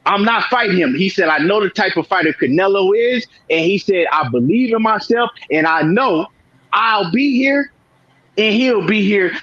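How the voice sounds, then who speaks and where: A man with a high, husky voice talks boxing in an emphatic, casual way, often checking in with "right?". The sound is dull and lo-fi. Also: a bit bright. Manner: emphatic, keeps asking "right?". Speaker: boxing show host.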